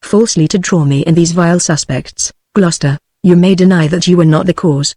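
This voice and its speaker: A text-to-speech woman's voice with a British English accent reads the lines of a proud, wary queen in a flat, even manner. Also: on the low side, a little fast, dry recording, studio quality, close to an everyday voice. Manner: flat, even synthetic reading.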